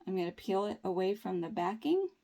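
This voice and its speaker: A woman's voice: mid-range voice, sing-song, fairly quick, gravelly, dark tone. A woman chatting upbeat and reassuring through a nail tutorial, with folksy phrasing. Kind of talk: casual tutorial talk.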